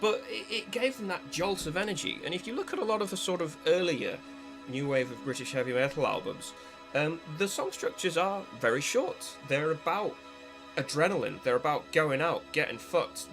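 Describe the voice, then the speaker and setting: Man in the middle pitch range, essay-style commentary, loose and digressive, hedging with fillers. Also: a bit bright. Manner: discursive and analytical, with frequent fillers. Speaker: music commentator. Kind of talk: spoken video essay.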